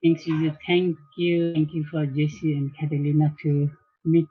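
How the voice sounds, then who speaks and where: Halting man guest on a tinny line. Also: fairly high pitch, little pitch movement, breathy edge. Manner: halting, searching for words, many restarts. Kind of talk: casual interview talk.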